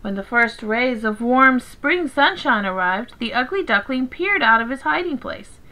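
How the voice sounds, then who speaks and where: A woman teacher reading a picture book aloud to children, in a gentle, expressive storytelling manner. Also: a little high, normal speed, rough recording.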